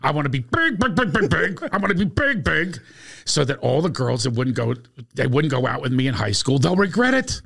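A man's voice: a little high, sing-song, fairly quick, vocal fry, a bit bright, voice pushed up, exaggerated voice. A man imitating an eager, tactless young male comedian who earnestly pleads about wanting fame.

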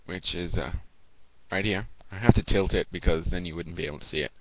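A teenage boy films a casual review and rambles through it, stopping and restarting with many fillers. His voice sits a little low, and the home recording sounds dull and lo-fi, with a faint hiss behind it. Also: brisk. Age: teens. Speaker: video reviewer. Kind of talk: casual vlog talk to camera.

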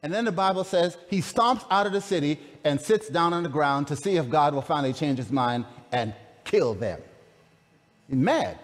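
A man's voice: a little high, expressive, normal speed. A man preaching a sermon in a dramatic, conversational way, calling out to his congregation. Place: large camp meeting hall. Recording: long reverb of a large hall.

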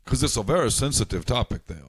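A man co-hosting a casual sports podcast, talking insistently and jumping up in pitch when he gets worked up. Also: fast, husky, no room sound. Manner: animated, insistent, pitch jumps when excited. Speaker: podcast co-host.

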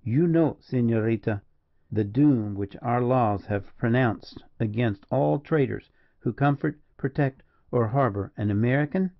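A man's voice: mid-range voice, a little slow, gravelly, dry recording, highs cut off. A man voicing a cold, stern general who questions prisoners with harsh commands.

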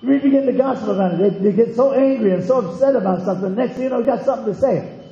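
Folksy male pastor preaching, high voice, mellow tone, dull echoey hall recording. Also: rapid-fire, a little hiss or hum. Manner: folksy, conversational storytelling. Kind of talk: sermon.

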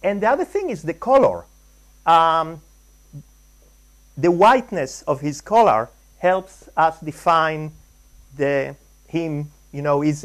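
A man from Israel lecturing at a conference, hesitant, with many ums and restarts. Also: on the high side. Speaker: guest lecturer, artist. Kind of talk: conference talk on caricature. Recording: live lecture hall talk.

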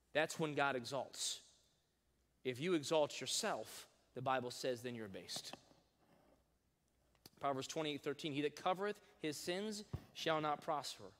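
A male pastor giving a lively sermon, reading scripture with emphasis and leading the congregation to repeat phrases aloud. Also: on the high side. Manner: reads scripture in old-fashioned wording with rising emphasis. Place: large church sanctuary. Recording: long hall reverb.

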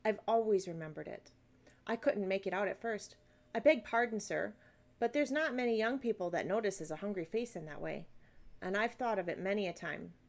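A woman's voice: mid-range voice, expressive, moderate pace, creaky. A woman voicing a kind, chatty working-class baker woman with homely, rustic speech, reading a storybook aloud. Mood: warm. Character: kindly working-class female baker, middle-aged, chatty.

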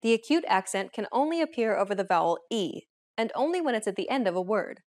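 A woman hosting a beginner language lesson, giving clear, steady scripted explanations. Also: mid-range voice, quick pace.

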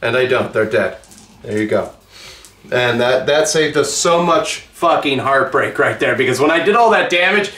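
A man's voice: fairly high pitch, moderate pace. A man hosting a tabletop battle report, joking and swearing while he rolls dice. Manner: profane, joking, excitable. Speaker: tabletop game player and channel host. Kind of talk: casual battle report banter. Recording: echoey room.

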